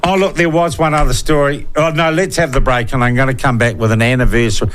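A man's voice: medium pitch, fairly even intonation, quick pace, a bit bright. A man with a New Zealand accent hosting talkback radio, reading listener texts and giving blunt, opinionated, sarcastic takes. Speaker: radio talk show host.

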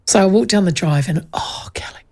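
A woman's voice: medium pitch, brisk, dark tone. A woman, animatedly telling a funny story in casual chat and acting out the voices.

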